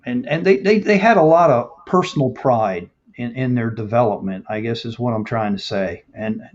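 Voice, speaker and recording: A man's voice: medium pitch, moderate pace. Chatty man hosting, lo-fi audio. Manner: chatty, laughs often while reading viewer comments aloud. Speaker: host. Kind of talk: casual live-stream interview. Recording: dull lo-fi stream audio.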